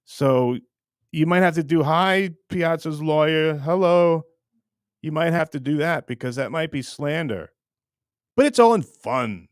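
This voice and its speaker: Rambling man with a lively, swinging voice. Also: a little high, moderate pace, dry recording, clean studio sound. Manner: rambling, repeats words and restarts often, teasing. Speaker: online show host. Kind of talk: casual rant to camera.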